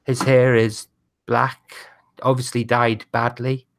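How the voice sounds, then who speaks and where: Halting man narrating as game master. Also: mid-range voice, flat delivery, creaky. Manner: descriptive, halting, many restarts.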